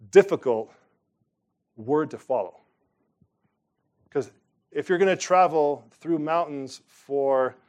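A middle-aged man preaching a sermon from the pulpit, emphatic and animated, with sudden loud rises. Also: fairly high pitch. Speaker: pastor.

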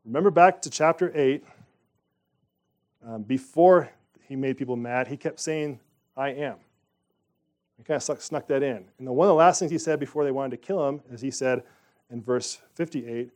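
A man's voice: mid-range voice, normal speed, long pauses, darkish tone. A man leading a Bible study, reading scripture aloud and talking it through in a conversational way, with asides and questions to the group.

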